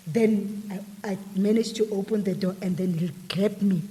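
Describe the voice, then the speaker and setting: A woman's voice: mid-range voice, fairly even intonation, normal speed, few pauses, warm tone, big-room sound. A woman guest animatedly retelling a personal story in an interview, acting out the dialogue. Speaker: guest telling her story.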